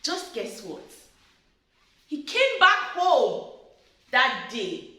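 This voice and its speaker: A woman giving marriage advice through a personal story, chatty and animated, who laughs often. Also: high-pitched, extremely slow. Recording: very echoey room.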